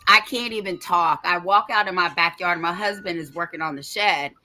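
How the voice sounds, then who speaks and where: A woman in her fifties, a podcast host telling a story in a casual chat, animated, blunt and feisty, swearing freely. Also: lowish voice, moderate pace, slight background noise. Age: 50s.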